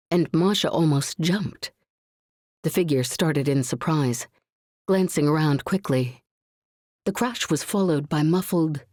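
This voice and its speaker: A woman narrating a suspenseful science fiction audiobook in a measured, tense reading. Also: deep voice, a little mellow, no room sound, studio quality.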